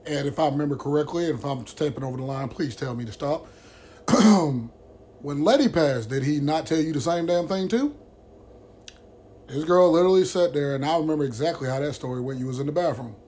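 A man's voice: on the high side, brisk, darkish tone. A man hosting a vlog who tells a friend's story to the camera in a blunt, heated way, with constant swearing. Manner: blunt, heavily profane and heated.

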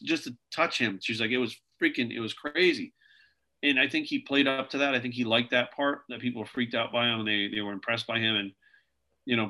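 A video creator appears as an interview guest and tells stories casually, rambling and filling his talk with "like" and "you know." His voice is medium-pitched, pushed, and bright.

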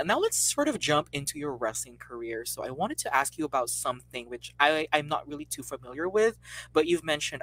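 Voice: medium pitch, fairly bright tone, dry recording. A chatty podcast host in casual conversation, recorded close and dry with almost no room sound. The host talks in a loose, friendly way, full of 'you know' and 'right', and asks long wandering questions. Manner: friendly, chatty, uses fillers and laughs along. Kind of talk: casual interview.

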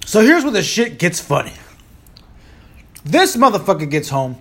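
Profane, lively Puerto Rican man. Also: sits high, normal speed. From Puerto Rico. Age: 30s. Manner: profane, rambling and joking. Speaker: podcast host. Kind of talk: casual monologue.

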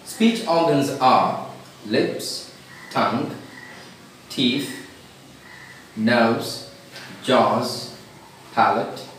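Echoey Indian English teacher lecturing. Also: male voice, medium pitch, a bit bright, slight background noise. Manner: explains with examples, repeats words and slows down for emphasis. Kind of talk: classroom lecture. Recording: very echoey room.

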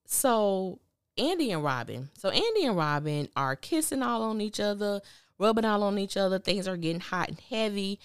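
A woman's voice: medium pitch, lively intonation, moderate pace, clear, resonant tone, no echo, clean studio sound. A woman hosting a podcast, recapping a TV drama in candid, opinionated casual talk and acting out the characters' lines. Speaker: podcast host reviewing a TV drama.

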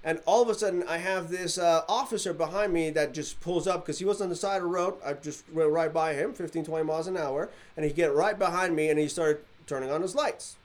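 Animated high-voiced man telling a story. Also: fairly quick, hardly any pauses. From Middle East. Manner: animated, acts out quoted dialogue. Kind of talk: storytelling in casual chat.

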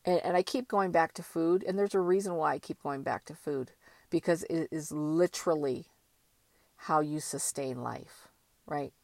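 A woman's voice: deep voice, moderate pace, creaky, darkish tone, dry recording. A woman giving a candid motivational monologue, blunt and emphatic, with casual swearing. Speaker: motivational vlogger.

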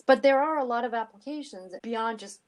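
A woman's voice: on the high side, a little fast. A middle-aged woman co-hosting a casual podcast chat, telling stories animatedly with frequent asides. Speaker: podcast co-host.

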